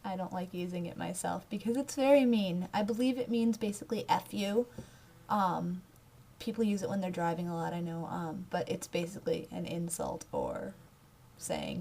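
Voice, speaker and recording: A woman's voice: medium pitch, animated, moderate pace, vocal fry, warm tone, a little hiss or hum. A young woman from the United States chatting casually to camera in her own vlog, giggling now and then and talking with her hands. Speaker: vlogger.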